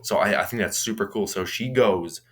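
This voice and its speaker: A man's voice: lowish voice, normal speed. A young man casually retelling a horror movie's plot, rambling with frequent restarts and fillers. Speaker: movie reviewer.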